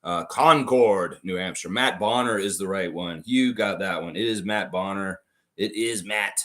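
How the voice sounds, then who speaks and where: A man hosting a live trivia stream in a casual, excitable way, reading out chat names and answers. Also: low-pitched, moderate pace. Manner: excitable, breaks into loud whoops and laughs, reads chat names.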